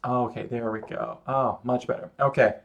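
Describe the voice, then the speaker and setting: A man's voice: mid-range voice, level tone, normal speed, creaky, muffled recording. A man chatting casually while he draws on a live stream, giving a rambling, self-mocking running commentary. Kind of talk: casual chat while drawing.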